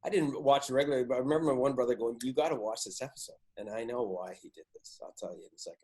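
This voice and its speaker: A man hosting a podcast, telling stories in a casual, excitable way and swearing freely. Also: medium pitch, racing. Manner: excitable, swears a lot, animated. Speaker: podcast host. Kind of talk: casual chat, storytelling.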